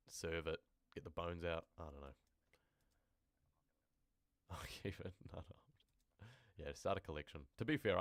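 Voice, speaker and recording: On a live stream, a horror story narrator with a very deep, low voice reads tales aloud and wanders into loose, rambling conversation with his viewers in between. His mic is close and dry, picking up no room sound.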